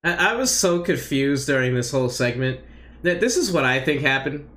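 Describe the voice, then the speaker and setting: A man's voice: mid-range voice, animated, moderate pace, pushed and bright. A young man co-hosting a casual wrestling chat, recapping in a loose, rambling way full of "like" and "I don't know.". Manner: rambling, unsure, filler-heavy recapping. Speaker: podcast co-host.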